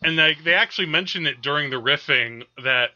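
A male podcast co-host talks casually about films, laughing often and filling pauses with hesitations. His voice is high and strikingly bright, and the dull lo-fi audio muffles it.

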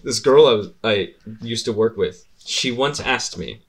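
A man's voice: mid-range voice, lively intonation, a little slow. A man hosting a casual podcast, rambling, swearing often and laughing between thoughts. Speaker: podcast host.

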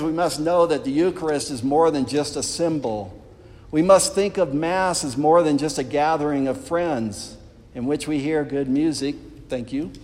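This preacher's earnest sermon is aimed straight at the congregation in the pews. His voice is medium in pitch, a little mellow, and sits in the middle register, echoing with the long reverb of a church hall.

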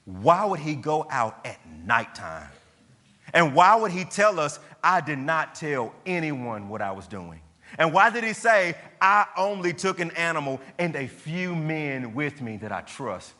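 A man preaching a sermon with a bright, forceful voice that sits a little high. He hammers home his points with rhetorical questions and repetition. His voice rings out with long reverb in a large church hall. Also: very animated, unhurried. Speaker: pastor.

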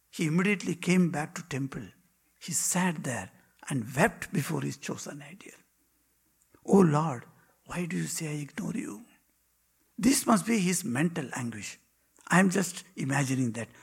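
A man, a monk, telling devotional stories in a spiritual talk, with dramatic pauses and drops to a hushed whisper. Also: fairly high pitch, creaky, slightly rough. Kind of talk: devotional storytelling.

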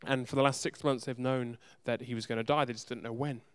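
A man's voice: mid-range voice, fairly even intonation, fast talker, clear, resonant tone. A man preaching a sermon with emphasis, firing off rhetorical questions and repeating words for stress. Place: church in a city.

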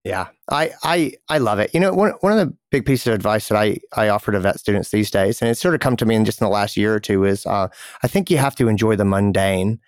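A man's voice: on the low side, fast talker, dry recording, studio quality. A male podcast host talking in an easygoing way, often repeating a word as he starts a thought. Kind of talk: conversational interview and ad read.

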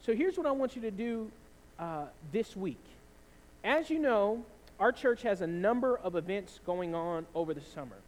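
A man in his thirties gives a sermon in a church, his voice sitting unusually high for a man. He tells stories animatedly and keeps asking the room "right?" His words ring out with a long hall reverb. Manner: conversational, animated storytelling with frequent "right?". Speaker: pastor. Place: church sanctuary.

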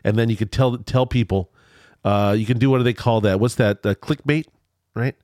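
A man's voice: mid-range voice, fairly even intonation, moderate pace, a little mellow, no echo. Give me a congested, nasal-sounding man chatting loosely on a podcast, with a dry, close sound. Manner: rambling, repeats words, restarts often. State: congested, stuffy nose. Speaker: podcast host. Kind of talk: casual podcast chat.

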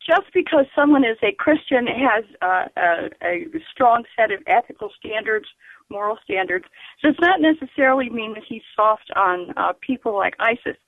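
A woman calling in to a radio show, speaking earnestly and emphatically, with many fillers and pauses. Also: fairly high pitch, expressive, dry recording. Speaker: caller. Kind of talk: call-in radio comment. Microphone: telephone. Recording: tinny phone line.

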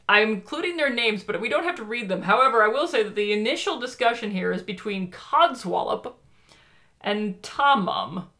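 A woman co-hosting a podcast, chatting casually and emphatically about children's books. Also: mid-range voice. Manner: animated, emphatic. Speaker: podcast co-host. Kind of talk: casual chat reviewing books.

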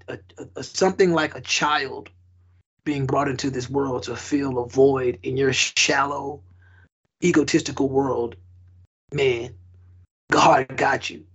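A man's voice: mid-range voice, slightly rough, highs cut off. A man co-hosting a casual podcast, laying down life advice with slang and basketball analogies. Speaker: podcast co-host.

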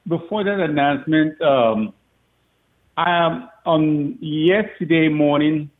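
Man on a phone line, father telling a story, lively, raised voice, tinny line. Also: fairly high pitch, slow pace. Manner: animated storyteller, laughs often, acts out quotes. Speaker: father of a recruit. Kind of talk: phone interview.

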